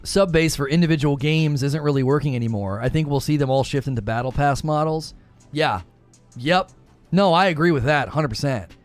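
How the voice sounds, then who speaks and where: A man's voice: on the high side, a little fast, dry recording, faint music behind. A man hosting a gaming live stream, talking casually, rambling, joking and repeating himself as he reads chat.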